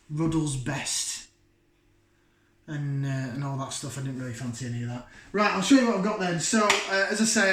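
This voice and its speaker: A man's voice: on the high side, a bit bright. A man chatting casually to camera as a beer reviewer, rambling and poking fun at himself. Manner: chatty, rambling, self-deprecating. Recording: roomy echo.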